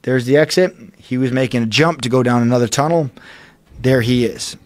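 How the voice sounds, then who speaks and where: A man's voice: medium pitch, dry recording. A man on a podcast telling a cave-diving ordeal, swearing often and stopping and restarting as he goes. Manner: intense, profane, halting retelling. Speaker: podcast guest. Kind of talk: storytelling in casual chat.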